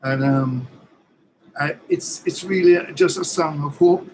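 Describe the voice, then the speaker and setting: A man's voice: on the high side, slow pace, slight background noise, rough recording. A man from Jamaica, a musician guest talking hesitantly with many fillers between songs. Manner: soft-spoken, hesitant speech with many fillers. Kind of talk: casual chat and singing with guitar. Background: acoustic guitar.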